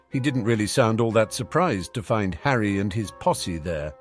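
A man reading a fan fiction audiobook in an expressive storytelling manner. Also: lowish voice, normal speed, hardly any pauses, soft background music. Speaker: audiobook reader.

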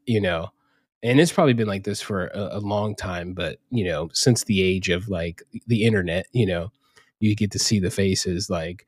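A man's voice: sits low, normal speed, no room sound, studio quality. Rambling, profane podcast guy. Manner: rambling, profane, laughs often. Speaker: podcast co-host. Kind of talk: casual chat.

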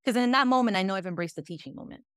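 A woman's voice: racing, a bit bright, smooth, no echo, studio quality. A woman guesting on a podcast, chatting casually and switching between English and Spanish mid-sentence, acting out other people's lines in exaggerated voices. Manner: acts out other people's voices with big jumps in pitch. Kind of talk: casual interview chat.

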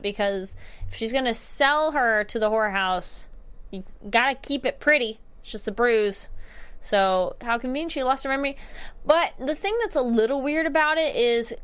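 A young woman recapping a TV episode in a chatty, animated way, tripping over words and correcting herself. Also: fairly high pitch, smooth. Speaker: TV show reviewer. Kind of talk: casual recap vlog.

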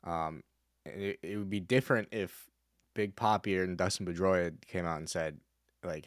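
Hosting a podcast, a man chats casually about baseball, rambling and restarting often. His low voice moves at a normal speed with a fairly bright tone, recorded at studio quality with no room sound.

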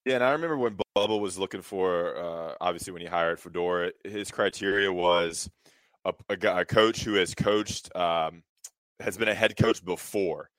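Deep-voiced man talking football. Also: normal speed, fairly bright tone, no room sound. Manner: thoughtful, rambling analysis. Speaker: co-host. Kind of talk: casual sports talk.

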